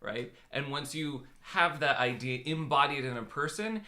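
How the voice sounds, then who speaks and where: A man in his thirties who works as a business growth consultant, co-hosting a casual live stream in a relaxed, steady way. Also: mid-range voice, normal speed. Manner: relaxed, laughs easily, explains steadily.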